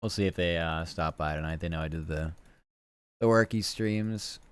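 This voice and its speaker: Lower-voiced man rambling on a stream. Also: moderate pace, clean tone. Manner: rambling, loose and chatty, with casual swearing. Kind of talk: casual live-stream chat.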